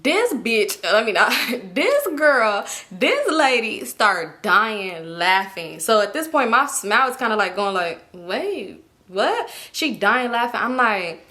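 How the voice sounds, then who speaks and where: Young woman vlogger, casual storyteller, bit high-pitched, lively and laughing. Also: unhurried, few pauses. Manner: animated, slangy, laughing storyteller.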